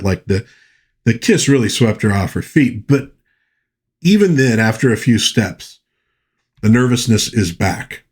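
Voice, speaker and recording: Man, film reviewer, casual chatty narration, lowish voice, husky, retells scenes with quick character impressions. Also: a little mellow. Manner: retells scenes, briefly mimicking characters' lines; loose, chatty, many fillers and restarts.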